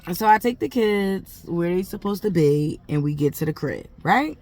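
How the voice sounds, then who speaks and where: A woman's voice: fairly low pitch, lively intonation, normal speed, darkish tone. A mother telling a story to camera in a casual, heated and profane way, talking in emphatic run-on bursts.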